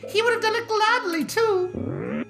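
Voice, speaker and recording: A wry, motherly older scientist with a very high, bright voice, as a woman reads her lines. She teases in a dry, mock-stern way. Game music plays underneath. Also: wildly swooping pitch, measured pace, creaky, heavily acted, poor audio.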